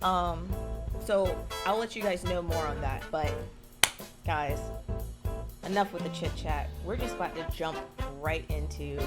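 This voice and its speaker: A woman streaming a game to her live chat, gushing and excitable, rambling with many fillers and swearing when she gets hyped. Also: fairly low pitch. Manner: rambling, with many likes and ums. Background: jazzy game music.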